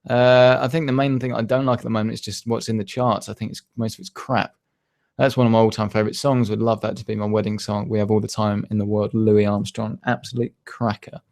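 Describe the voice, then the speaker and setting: A man's voice: fairly low pitch, little pitch movement, brisk, creaky, darkish tone. A young man hosting a tech channel's live Q&A, chatting casually and rambling with many fillers and restarts. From United Kingdom. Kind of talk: live stream Q&A.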